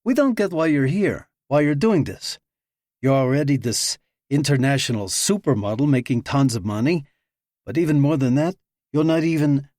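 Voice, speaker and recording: A man's voice: medium pitch, expressive, measured pace, darkish tone, no room sound, studio quality. A man voicing a cocky agent in his mid-twenties who talks in a brash, joking way. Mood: challenging.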